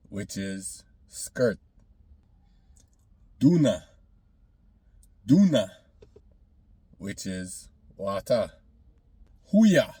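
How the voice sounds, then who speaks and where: A man with a lowish, slightly husky voice teaches a language lesson at a very slow, careful pace. He repeats every example word twice, a little louder each time, before he explains it. The sound is dry and close. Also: dry recording.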